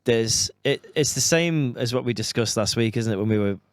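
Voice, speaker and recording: A man co-hosting a podcast in casual chat, cynical and sweary, with quick asides. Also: mid-range voice, clear, resonant tone, no room sound, clean studio sound. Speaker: podcast co-host.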